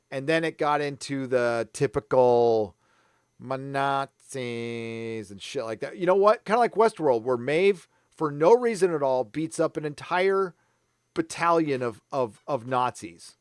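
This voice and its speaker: A middle-aged man hosts a live stream, reading viewer comments while ranting angrily and swearing a lot. His voice sits on the high side, recorded at studio quality with no room sound.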